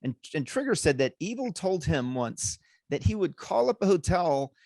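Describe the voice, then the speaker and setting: A man's voice: a little high, sing-song, normal speed, darkish tone, no echo, studio quality. A man hosting an interview, telling a story and asking his guest questions in casual talk. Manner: storytelling, brief affirmations. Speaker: interview host.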